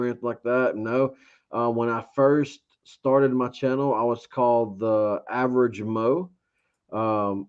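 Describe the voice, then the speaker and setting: A man from Georgia tells a long, rambling story in an easygoing interview chat. He keeps acting out what he thought at the time. The recording sounds a little dull and lo-fi. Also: medium pitch. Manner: rambling storyteller, acts out his own past thoughts. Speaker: interview guest, beard reviewer.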